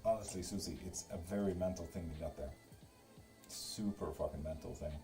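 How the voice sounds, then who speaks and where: A man's voice: deep voice, brisk, over music. A man doing live tarot readings in casual stream chat. He reads viewers' comments aloud, teases them and swears freely. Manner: joking and teasing.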